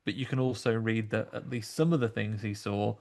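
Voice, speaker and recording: A man's voice: on the low side, fairly even intonation, a little fast, darkish tone. A man, co-hosting a podcast and talking through a horror film in thoughtful, rambling analysis. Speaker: podcast co-host. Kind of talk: casual film review chat.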